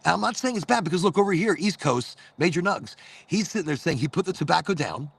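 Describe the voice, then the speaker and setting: A man with a gravelly, husky voice hosts a loose, rambling chat. His pitch sits a little high and swings widely as he swears his way through stories. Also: animated, fast talker, no echo. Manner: loose, profane, rambling storyteller. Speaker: host. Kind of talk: casual chat.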